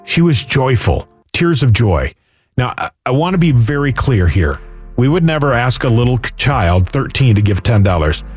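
A man's voice: mid-range voice, big pitch swings, moderate pace, darkish tone, slightly rough, soft background music. A man hosting a fundraising radio show, talking earnestly with frequent restarts. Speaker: radio host.

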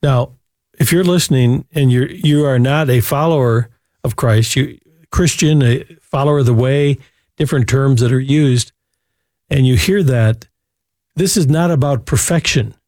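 A man's voice: mid-range voice, moderate pace, a little mellow, no room sound, clean studio sound. Man hosting Christian call-in radio. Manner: earnest and preacherly. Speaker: host.

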